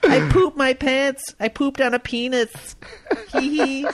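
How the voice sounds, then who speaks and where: A man doing a mocking impression of a woman who talks in a high, childish little-kid voice and giggles. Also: fairly even intonation, measured pace.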